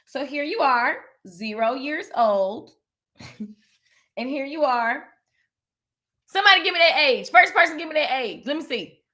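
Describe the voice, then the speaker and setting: Bright, high-voiced woman preaching to viewers. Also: measured pace, long pauses. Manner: animated, preachy, talks to viewers as "baby" and "honey". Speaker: host of a live motivational stream. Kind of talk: casual faith-based motivational talk.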